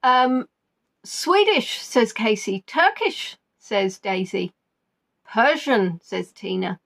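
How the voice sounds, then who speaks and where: A woman runs a live-stream quiz with a slightly high voice. She chats and giggles as she reads out viewers' answers. She teases the players as she goes. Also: lively intonation, slow pace, vocal fry, a bit bright. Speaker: quiz host.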